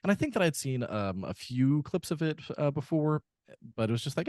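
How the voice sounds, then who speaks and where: Very animated and brisk, a co-host with a high-side, slightly mellow voice breaks down a film on a podcast. The recording is dry and studio-clean, and his casual talk rambles with many fillers and restarts.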